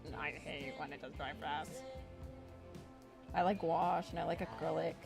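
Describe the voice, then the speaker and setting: A woman's voice: deep voice, steady tone, normal speed, vocal fry. A woman streamer chatting casually while she draws, ranting with lots of swearing and acting out imagined arguments. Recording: music playing behind. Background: music.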